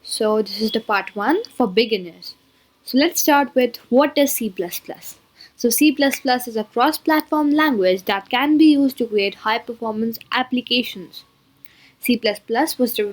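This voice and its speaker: A woman giving a beginner coding tutorial, explaining step by step and line by line. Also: a little high. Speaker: programming tutor.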